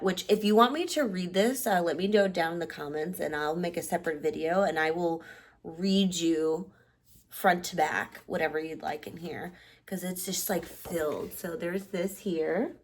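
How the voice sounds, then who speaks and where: A woman in her thirties casually showing keepsakes to the camera, rambling with restarts and sounding nostalgic and softly sentimental. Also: on the low side. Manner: softly sentimental, near tears at times; sleepy late-night talk. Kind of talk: casual show-and-tell chat.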